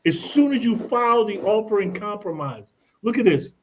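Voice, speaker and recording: Radio guest: emphatic man, fairly high voice, slightly dull radio sound, talks like he's telling stories. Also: lively intonation, moderate pace, a little hiss or hum. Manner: emphatic, tells anecdotes, repeats "look at this". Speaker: credit expert guest. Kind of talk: radio interview, lively explaining.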